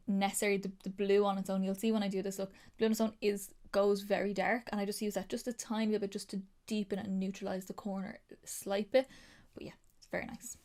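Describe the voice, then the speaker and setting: A woman's voice: mid-range voice, darkish tone. A young woman with an Irish accent chats through a makeup review. She gushes over what she shows, talking loosely with lots of ums and likes. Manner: gushing, chatty, many fillers. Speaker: beauty vlogger.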